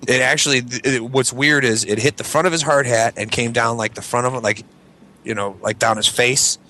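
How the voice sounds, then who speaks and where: Fast-talking profane man, bright voice. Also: medium pitch, fairly even intonation, a little hiss or hum. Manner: rambling, profane, acts out voices in his stories. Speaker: podcast co-host. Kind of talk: casual storytelling chat.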